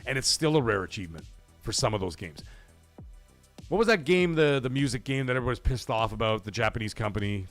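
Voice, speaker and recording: Male stream host, casual chat, animated and swearing, mid-pitched voice, faint music underneath. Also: fast. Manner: animated, swears freely, reads chat aloud. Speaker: livestream host.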